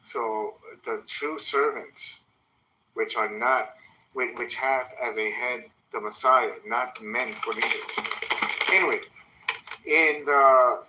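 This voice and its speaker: A man explaining religious teaching in a measured, lecturing way. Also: medium pitch, background noise. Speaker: religious YouTuber. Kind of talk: teaching monologue.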